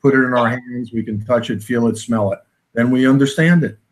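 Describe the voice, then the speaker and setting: A man's voice: mid-range voice, fairly even intonation, brisk. A man from New York, a guest dentist, chatting with enthusiasm. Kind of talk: casual chat.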